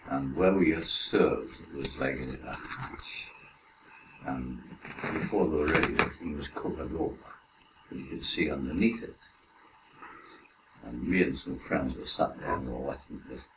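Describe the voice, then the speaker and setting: An older man in his seventies telling a story slowly and haltingly, with chuckles. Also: rumbling low. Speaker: interviewee, her husband. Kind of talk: casual reminiscing. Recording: roomy, distant, hissy home recording.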